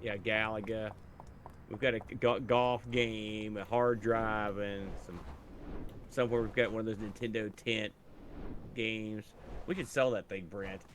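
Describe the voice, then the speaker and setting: A man chatting casually with friends while playing an online game, relaxed and joking. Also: on the low side, unhurried. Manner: relaxed, joking, laughs often. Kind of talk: casual gaming chat with friends. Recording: loud background noise.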